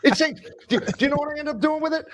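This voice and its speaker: A man from New Jersey on a casual podcast, an animated storyteller who acts out his family in quotes. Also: very high-pitched, quick pace. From New Jersey, USA. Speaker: podcast co-host.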